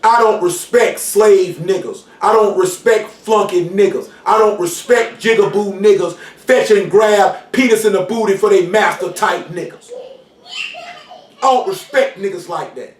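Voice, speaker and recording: High-voiced street preacher in echoey room. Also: male voice, measured pace. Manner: street slang, repeats "you know what I'm saying", shouts for emphasis. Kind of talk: informal sermon. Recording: roomy hall, mic far off, faint noise.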